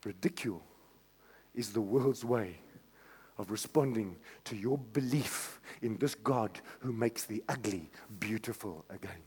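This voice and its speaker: A male pastor preaching a sermon, swinging from hushed tones to shouts. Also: fairly low pitch, unhurried, in a large hall.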